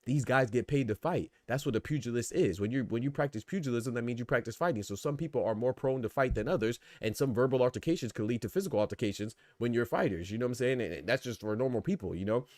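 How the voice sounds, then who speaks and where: A man's voice: medium pitch, quick pace, few pauses, darkish tone, no room sound. A man hosting a boxing podcast, talking casually and with energy, asking rhetorical questions and reading out chat comments. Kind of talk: casual live-stream commentary.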